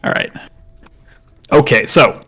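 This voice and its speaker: A man's voice: slow pace, sharp tone, rough recording. A man narrating as dungeon master for a tabletop game, good-humored and prone to chuckling as he describes the action.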